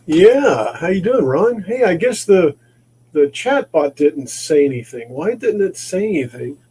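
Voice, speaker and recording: A man rambles through a casual livestream from his maker shop as he works, often repeating and restarting his words. His voice is fairly high and sing-song, husky with a dark tone, at a measured pace.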